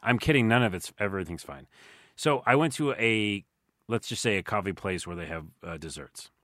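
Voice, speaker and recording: A man's voice: on the low side, lively intonation, a little fast, fairly bright tone, no room sound, studio quality. A man hosting a podcast, chatting casually and telling playful stories. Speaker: podcast host. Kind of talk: casual chat.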